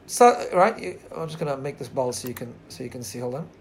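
A man giving a Torah class, telling a midrash with earnest storytelling and pausing to look up the text on a shared screen. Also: mid-range voice, lively intonation, a little hiss or hum. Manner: earnest storytelling, slow drawn-out quotes. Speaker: Torah teacher.

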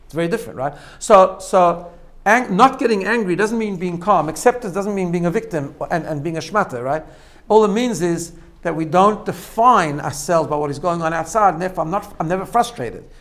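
A man's voice: high-pitched, fairly quick, hardly any pauses, fairly bright tone. A man giving a spoken lesson, explaining step by step with frequent "right?" checks and repeated phrases. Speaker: teacher. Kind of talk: spoken lesson on self-growth.

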